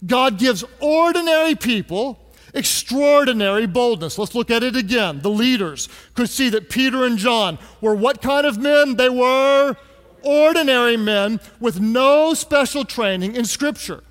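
A man's voice: very high-pitched, measured pace, fairly bright tone. A man preaching a sermon, joking and asking the congregation to answer aloud. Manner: conversational and joking, calls the crowd to answer aloud. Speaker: pastor. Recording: echoey hall.

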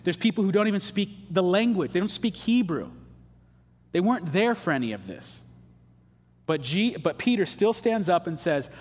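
A man's voice: high-pitched, very animated, moderate pace, a little mellow. A pastor preaching a sermon in a casual, emphatic way, dropping slang asides as he explains scripture. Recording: long hall reverb.

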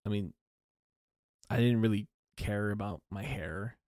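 A man's voice: lowish voice, a little slow, a little mellow, dry recording, studio quality. A young man hosting a casual solo podcast, rambling and self-deprecating with lots of fillers and restarts. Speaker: podcast host.

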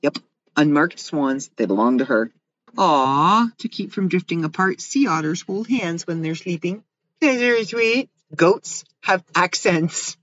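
A woman's voice: lowish voice, expressive, a little slow, fairly bright tone, slight background noise. A woman hosting a casual show, reading fun facts aloud, giggling and cracking jokes about each one. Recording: dull lo-fi sound.

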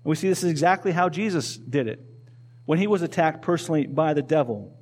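A man's voice: fairly high pitch, lively intonation, fast, darkish tone, slightly rough. A male pastor preaching a sermon in a conversational way, asking the congregation questions and repeating key phrases. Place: church.

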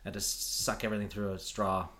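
A man's voice: fairly low pitch, level tone, fast talker, bright, forceful tone. A man co-hosting a podcast, telling a childhood story in casual chat, acting out quotes and laughing often. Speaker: podcast co-host.

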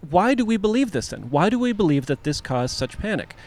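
A man co-hosting a casual podcast chat, his voice sitting a little high. He explains things at length, the way he would give a lecture. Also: big pitch swings, brisk, a little mellow. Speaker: podcast co-host.

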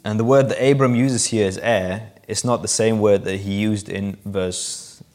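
A man with a fairly low voice preaches a sermon, walking listeners through a scripture passage. He explains in a conversational way and lifts his voice to act out the quoted lines. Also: fairly even intonation, a little slow, a little mellow. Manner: explanatory, acts out quoted lines with rising emphasis.

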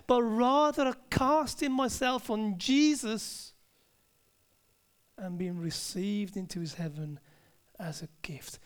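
A man preaching a sermon, emphatic and conversational, with asides to the congregation and key words dropped to a near-whisper. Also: very high voice.

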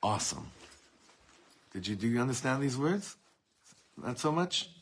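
A man's voice: medium pitch, big pitch swings, unhurried, gravelly, slight background noise. A man teaching a Torah class to a room of students, talking it through with many restarts and quoting Hebrew texts. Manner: warm, searching delivery with many restarts and Hebrew quotes.

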